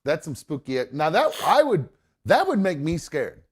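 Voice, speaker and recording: A man's voice: on the high side, sing-song, normal speed, husky. A man hosting a live talk show, telling a story casually with lots of fillers. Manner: rambling, many fillers. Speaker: host.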